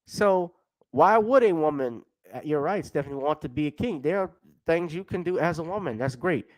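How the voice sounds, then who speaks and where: A man hosts a casual commentary stream, rambling along in a conversational way and calling out viewers by name. His voice sits a little higher than most men's. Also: animated, normal speed, rough recording. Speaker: host.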